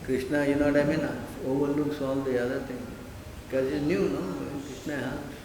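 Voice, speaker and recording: A man giving a lively spiritual lecture, full of rhetorical questions. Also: medium pitch, moderate pace. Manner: animated, rhetorical questions, mimics listeners. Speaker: spiritual teacher. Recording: echoey hall, faint noise.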